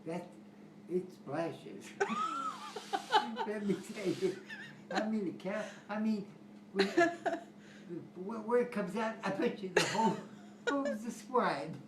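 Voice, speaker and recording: A man's voice: high voice, wildly swooping pitch, slow pace. An older man telling family stories in a casual, rambling way, chuckling often. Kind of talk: casual storytelling. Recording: roomy home recording with background noise.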